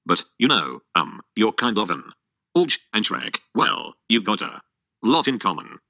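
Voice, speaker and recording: A male text-to-speech voice reading the lines of a talkative, blunt male donkey in a flat, synthetic way. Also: on the low side, unhurried, vocal fry, dry recording, studio quality, heavily acted. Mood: chatty.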